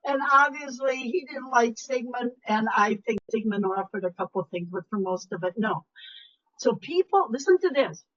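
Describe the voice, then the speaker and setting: Older woman, webinar speaker, emphatic, animated, dull lo-fi audio, higher voice. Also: moderate pace. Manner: animated, emphatic, varies loudness, drops to whispers. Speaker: speaker and leadership coach. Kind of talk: live webinar talk.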